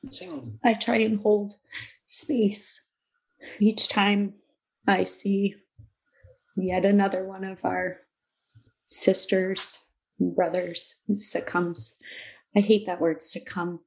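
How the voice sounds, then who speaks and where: A woman in her thirties, a guest in an interview, speaking slowly and reflectively about hard personal things. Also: medium pitch, steady tone, gravelly. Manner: slow, reflective, emotional. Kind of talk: candid interview talk.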